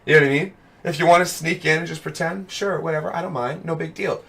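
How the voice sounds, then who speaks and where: A young man with a hoarse, worn voice, streaming and chatting casually with his viewers, rambling with lots of fillers and calling them dude and brother. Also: fairly high pitch, quick pace, fairly bright tone. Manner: rambling, fillers of "you know what I mean". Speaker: streamer hosting a web show. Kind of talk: casual live-stream chat. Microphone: headset.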